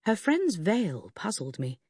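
A woman narrating a story in a measured way, voicing each character. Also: mid-range voice, wildly swooping pitch, darkish tone, slightly rough, dry recording, studio quality. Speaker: audiobook narrator. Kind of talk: scripted narration.

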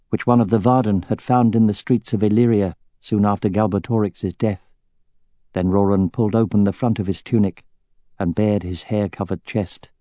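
A man narrating an audiobook in an even, measured reading. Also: on the low side, dry recording.

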